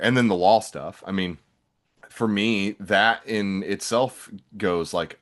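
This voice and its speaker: A man's voice: on the low side, takes it slowly, a bit bright. A man hosting a podcast, talking in a casual, rambling way with many restarts. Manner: rambling, frequent restarts and fillers. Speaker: podcast host.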